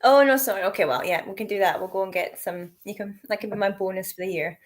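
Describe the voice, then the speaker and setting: A woman's voice: medium pitch, fast, slight background noise. A woman who works in a whisky shop and as a distillery tour guide, chatting casually on a livestream with a giggly, self-mocking manner.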